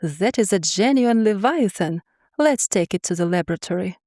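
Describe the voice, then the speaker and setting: A woman voicing a stern woman professor, brisk and matter-of-fact. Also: mid-range voice, animated, warm tone, no echo, studio quality, natural voice.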